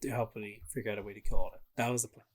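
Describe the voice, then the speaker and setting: A man's voice: on the low side, rapid-fire, breathy edge. A man co-hosting a casual podcast, recapping a game's plot in an easygoing way with frequent fillers. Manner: relaxed recapping with fillers and laughs. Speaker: podcast co-host. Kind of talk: casual chat.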